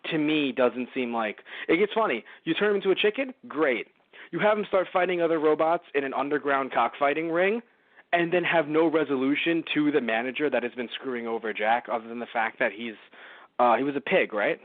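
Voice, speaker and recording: A man's voice: fairly high pitch, no room sound. Rambling, swearing podcast guy on a tinny line. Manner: rambling, swears a lot, animated. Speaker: podcast co-host. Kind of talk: casual review chat. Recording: dry, phone-like narrow audio.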